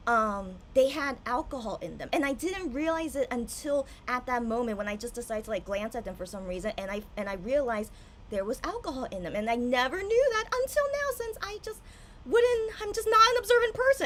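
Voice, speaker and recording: Tipsy young woman streamer, high bright voice, excitable and animated. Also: a little fast, slight background noise. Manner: excitable, swings from hushed to loud outbursts. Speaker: livestreamer. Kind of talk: casual livestream chat.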